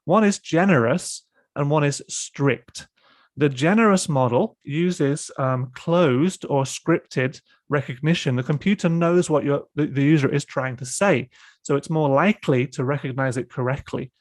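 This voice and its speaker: Man explaining software with halting fillers. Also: a little high, no room sound. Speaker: presenter demonstrating software. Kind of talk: online panel discussion.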